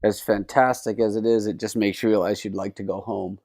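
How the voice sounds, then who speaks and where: A man's voice: fairly low pitch, level tone, a little fast, a little mellow, dry recording. Man making dry wisecracks. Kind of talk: casual chat.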